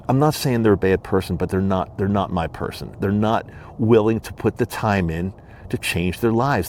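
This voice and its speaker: A low-voiced man talks alone into his podcast microphone, earnest and emphatic, coming back to his points again and again. A faint hiss of noise sits under his voice. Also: darkish tone. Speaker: podcast host. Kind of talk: solo monologue. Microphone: studio microphone and camera.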